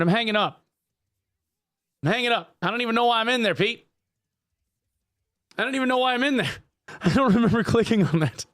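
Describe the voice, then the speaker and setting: Man streaming, high voice, dry close sound, jokey, swears casually. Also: a bit bright, no echo. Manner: profane, jokey, chatty. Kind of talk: casual livestream chat.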